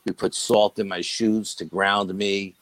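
Low-voiced man telling a story in dry sound. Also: a little slow, dry recording, poor audio. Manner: animated retelling that quotes dialogue with "I go" and "she goes". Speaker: guest recounting a paranormal investigation. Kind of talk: casual spoken storytelling.

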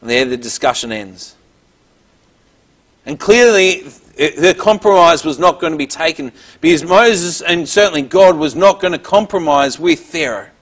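Animated and fairly bright in tone, a man with a fairly high voice teaches from the Bible at a moderate pace. He reads verses aloud, then explains them in plain terms, with small restarts.

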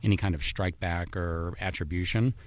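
A man co-hosting a podcast in casual chat, sarcastic and animated. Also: low voice, moderate pace, no room sound. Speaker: podcast co-host.

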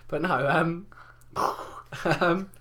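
A man's voice: a little high, drawn-out words, bright, forceful tone. A man, talking in an easy, rambling chat. He swears a lot and winds himself up, now and then mimicking others in put-on voices. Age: 20s. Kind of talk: casual chat.

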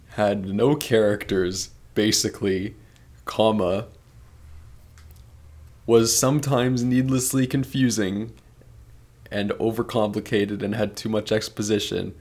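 A young man co-hosting a casual podcast chat, halting and playful and laughing often. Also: fairly low pitch, darkish tone. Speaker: podcast co-host. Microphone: remote recording.

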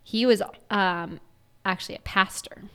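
A woman's voice: medium pitch, a little slow, a bit bright, smooth. A woman co-hosting a true-crime podcast, chatting casually and laughing often as she tells the story. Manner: giggly, laughs often while telling a story. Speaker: podcast co-host.

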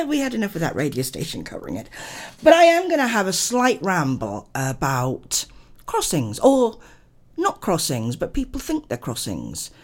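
An older woman hosting a local radio show, chatting casually and greeting listeners warmly by name, a little under the weather. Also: medium pitch, wildly swooping pitch, a little slow. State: unwell. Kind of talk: casual radio chat and rambling monologue.

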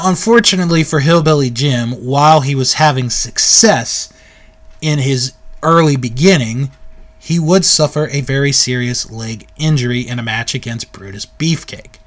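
A man giving a casual, chatty recap of an old wrestling tape, laughing at moments and mimicking the people in it. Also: on the high side. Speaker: wrestling history reviewer.

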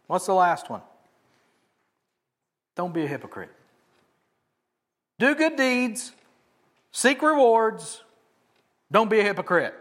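A male pastor delivers a sermon in a high, light voice. His tone is casual and joking. He punches key words loudly, then drops to hushed, almost whispered asides. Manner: emphatic, swinging between loud stresses and soft asides; conversational, joking preaching.

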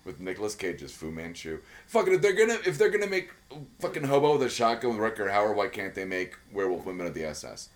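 A man's voice: lowish voice, very animated, quick pace. A man co-hosting a podcast, chatting casually in a rambling, profane, enthusiastic way with many fillers. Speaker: podcast co-host. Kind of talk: casual chat.

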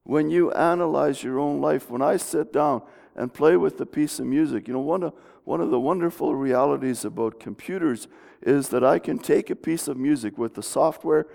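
Gravelly-voiced pastor in an echoing church. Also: male voice, fairly high pitch, normal speed, a little mellow. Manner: folksy, conversational with frequent restarts. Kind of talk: sermon. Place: church sanctuary. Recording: long reverb of a church hall.

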